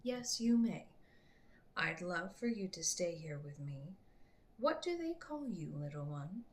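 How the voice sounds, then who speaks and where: A woman reading aloud and voicing a stern priestess warrior in a storybook, speaking softly and coolly, sometimes in a whisper. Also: on the low side, very animated, unhurried, slight background noise. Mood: soothing. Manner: soft, cool and hushed, at times whispered.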